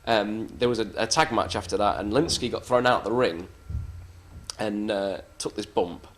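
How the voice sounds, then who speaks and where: A man with a fairly low voice spins wrestling stories in a loose, casual way. He is blunt and swears freely, often poking fun at himself. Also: moderate pace, fairly bright tone. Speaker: professional wrestler interviewee. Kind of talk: casual anecdotal storytelling.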